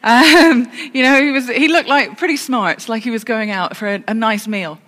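A woman's voice: a little high, normal speed, a bit bright. Woman preaching in a reverberant church. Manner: storytelling with self-corrections and dry humour. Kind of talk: sermon.

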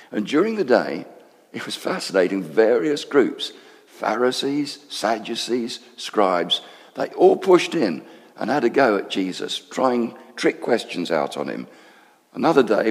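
An actor playing a male temple council member, telling a friend in confiding, animated storytelling what he has seen. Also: on the low side, long reverb tail. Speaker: storyteller in character. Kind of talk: dramatic monologue.

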